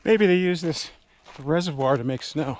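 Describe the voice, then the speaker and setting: A man's voice: fairly high pitch, normal speed, darkish tone. An out-of-breath man filming himself on a mountain trail during a race, weary and muttering to himself between climbs. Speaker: trail runner vlogging a race. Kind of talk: breathless self-filmed race diary. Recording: noisy outdoor camera audio.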